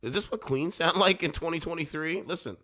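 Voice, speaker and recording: A man reacting to clips with animated, mocking commentary, hoarse from losing his voice. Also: fairly high pitch, a little fast, heavy background noise. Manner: animated, mocking, laughing, does loud mock voices. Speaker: commentary streamer.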